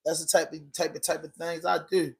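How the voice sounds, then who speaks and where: A man's voice: on the high side, little pitch movement, fairly quick, gravelly, breathy edge. A man with a Baltimore accent hosting a casual livestream podcast, talking loosely in slang while answering viewer comments. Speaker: podcast host.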